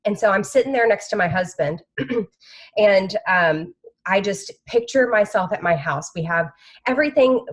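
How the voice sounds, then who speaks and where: Woman, emotional testimony, rambling, video-call audio, mid-pitched voice. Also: lively intonation, measured pace. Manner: emotional, rambling, with many fillers. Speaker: team member sharing a conference recap.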